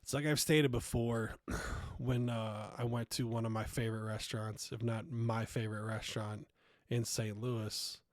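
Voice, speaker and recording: A man hosting a podcast, telling stories in a blunt, profane, casual way, getting loud when riled up. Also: medium pitch, little pitch movement, normal speed, no room sound, clean studio sound. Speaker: podcast host. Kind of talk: casual storytelling monologue.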